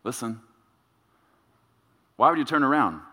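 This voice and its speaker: A male pastor delivering a sermon, emphatic and repetitive, with dramatic pauses. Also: medium pitch, animated, pushed and bright. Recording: reverberant church sanctuary.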